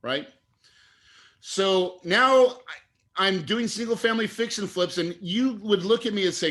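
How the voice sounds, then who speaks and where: A middle-aged man telling a heartfelt personal story as an interview guest, earnest and animated, getting choked up at times. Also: high voice, a little slow. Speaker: guest investor.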